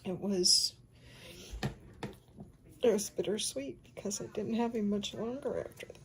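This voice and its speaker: A woman in her fifties telling a personal faith testimony, soft-spoken and often sinking into a breathy whisper. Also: mid-range voice, slow pace, background noise. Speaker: speaker sharing a faith testimony.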